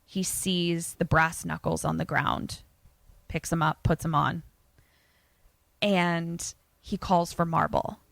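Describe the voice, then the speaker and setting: A woman's voice: on the low side, fairly even intonation, slow pace, gravelly, pauses often, a bit bright, no room sound. Young woman podcast host retelling a horror movie, chatty, swears a lot, dry close mic. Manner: chatty and profane, with many fillers. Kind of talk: casual film recap.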